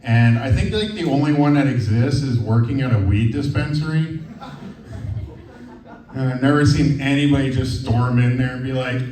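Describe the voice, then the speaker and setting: A man's voice: mid-range voice, normal speed, darkish tone. A man in his thirties doing a stand-up comedy set, rambling and hesitant with lots of fillers. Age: 30s. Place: comedy venue with live audience. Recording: roomy, from far off.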